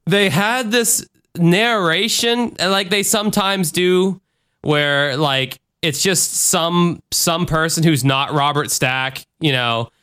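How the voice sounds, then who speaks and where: A man co-hosting a podcast, chatting loosely and mimicking voices. His voice is bright and crisp, sitting a bit high for a man. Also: slow. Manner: animated, mimics voices with big jumps in pitch. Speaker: podcast co-host. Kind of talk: casual podcast chat.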